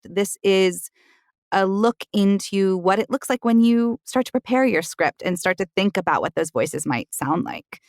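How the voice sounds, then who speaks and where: A woman's voice: mid-range voice, no room sound, studio quality. A woman from Alabama with no regional accent, co-hosting a roundtable conversation. She speaks in a musing way and often restarts her phrases. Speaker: podcast co-host.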